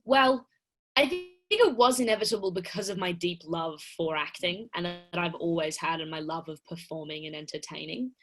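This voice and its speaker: A young actress answering interview questions earnestly, with frequent restarts. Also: female voice, mid-range voice, bright, forceful tone. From Australia. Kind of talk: casual press interview.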